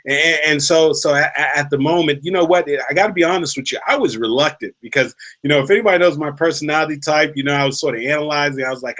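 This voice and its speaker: Forceful, emphatic male motivational speaker. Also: on the high side, fast. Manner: emphatic, repeats phrases for effect; storytelling, addresses listener directly. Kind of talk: motivational speech.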